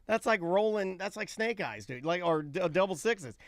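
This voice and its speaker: A male co-host with a slightly high voice who talks casually and tells stories with lots of animation. The sound is close and dry, with no room echo. He rambles and builds his tales up with gusto. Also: lively intonation, normal speed. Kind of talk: casual live-stream chat.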